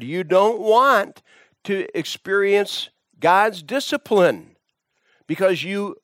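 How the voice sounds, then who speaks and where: A man's voice: high-pitched, lively intonation, slow, fairly bright tone, no echo, clean studio sound. A man preaching a sermon, telling a story with dramatic swings in his voice.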